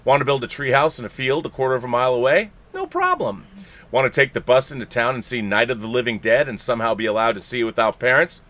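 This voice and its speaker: A man's voice: medium pitch, steady tone, fast, few pauses, a bit bright. A man hosting a live podcast, reading a listener's letter aloud in a playful, theatrical way with bursts of laughter. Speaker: podcast host.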